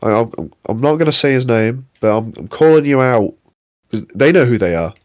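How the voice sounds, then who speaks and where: A young man rants on a casual podcast, exasperated and swearing freely. His voice sits at an ordinary middle pitch. The sound is close and dry, with no room around it. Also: expressive, moderate pace, a little mellow, dry recording. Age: young adult. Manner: sweary, exasperated ranting with mock impressions. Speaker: podcast co-host. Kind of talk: casual ranting chat.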